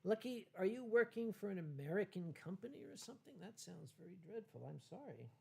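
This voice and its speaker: A tipsy man hosting a casual livestream from home, rambling and halting through viewer comments with many fillers and restarts. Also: high voice, very animated, creaky, husky. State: tipsy from wine. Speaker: livestream host.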